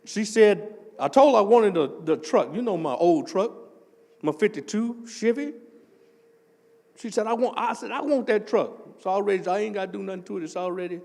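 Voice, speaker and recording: An older man, preaching a testimony sermon as associate pastor and telling a story that builds up into shouting. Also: sits high, moderate pace, vocal fry, big-room sound. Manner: animated storytelling, swells into shouting.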